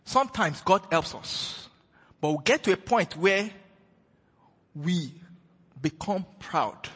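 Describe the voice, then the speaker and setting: A man preaching a sermon with a very husky, breathy voice and a lively, swinging pitch. He moves between loud declarations and hushed retellings of scripture. His voice carries a long reverb from a church hall. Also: slow.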